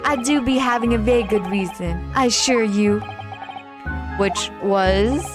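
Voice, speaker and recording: A woman voicing a shifty male witness in a put-on Southern drawl, speaking slowly and folksily. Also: mid-range voice, music in the background, close to an everyday voice. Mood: folksy, evasive. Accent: put-on American Southern. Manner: slow, drawn-out folksy speech.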